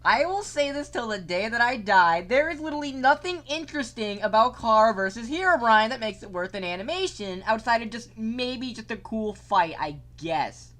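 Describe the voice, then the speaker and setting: A young man streaming a game live, casual and excitable, cursing often and swinging from mock calm to yelling. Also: extremely high pitch, normal speed, few pauses.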